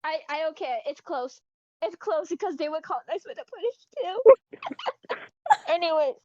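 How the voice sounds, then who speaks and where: Young woman, casual read-aloud, giggly, stumbling, high-pitched, dry close sound. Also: expressive, fairly quick, darkish tone, no room sound, muffled recording. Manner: giggly, stumbling, self-interrupting. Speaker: host reading a story aloud. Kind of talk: casual reading with commentary.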